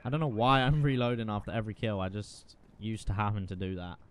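A man giving casual, profane, excitable commentary while playing a shooter game. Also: lowish voice, quick pace. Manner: profane, excitable, self-mocking. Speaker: gaming video creator.

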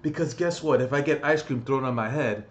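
A young man ranting angrily on his vlog, profane and agitated, with sudden loud outbursts. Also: medium pitch, brisk. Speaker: vlogger.

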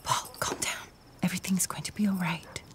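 A woman's voice: lowish voice, moderate pace, background noise, natural voice. A woman playing a village doctor in a dubbed film drama, stern and lecturing. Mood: flirtatious. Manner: stern and lecturing, then coaxing.

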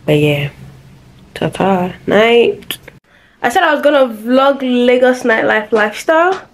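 A young woman chats to her phone camera at home, a little higher than most. She is sassy and talkative, and her voice jumps up sharply when she is outraged. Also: lively intonation, unhurried, slight background noise, low-quality recording. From Nigeria. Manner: chatty and sassy, with sudden high exclamations. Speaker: vlogger. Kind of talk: casual vlog chat to camera. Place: home, indoors.

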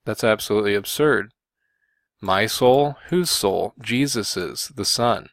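A man giving combative Bible commentary, often pausing on "okay" and "you know" to press his point. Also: fairly low pitch, fairly bright tone, no echo. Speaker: religious video commentator.

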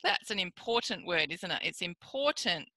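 A woman speech therapist working with a client, encouraging and praising with slow, exaggerated enunciation. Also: fairly low pitch, very animated, pushed and bright, dry recording.

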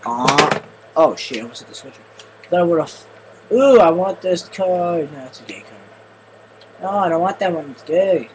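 A man doing excitable gameplay commentary, often yelling and swearing at the game. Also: on the high side, moderate pace, slight background noise, poor audio. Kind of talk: let's play commentary.

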